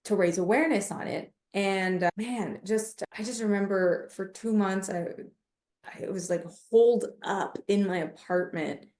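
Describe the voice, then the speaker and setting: A woman guest on a podcast, a comedian and mindfulness coach, telling stories in a lively, casual way and acting out the voices of people she quotes. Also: medium pitch, a little slow, reverberant. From United States. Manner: animated, acts out quoted voices in her stories. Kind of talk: casual interview storytelling.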